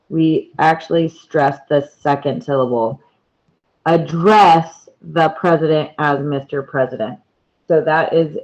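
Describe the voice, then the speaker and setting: A woman's voice: low voice, darkish tone, highs cut off. A woman teacher giving a patient classroom explanation, repeating key words and pointing to examples. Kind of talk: slow, deliberate classroom explanation.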